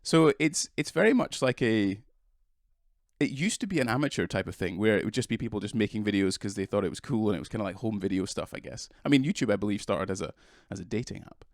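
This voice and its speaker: A man's voice: lowish voice, expressive, quick pace, no room sound, clean studio sound. British man with a cold, hesitant. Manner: hesitant, restarts often, self-deprecating. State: has a cold. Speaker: interview guest, videographer. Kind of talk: casual podcast interview.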